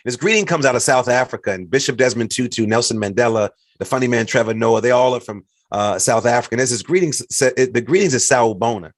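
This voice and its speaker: Casting: middle-aged American man, podcast host, mid-pitched voice, dry close recording, animated storyteller. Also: fast talker, few pauses, dry recording. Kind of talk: casual conversation.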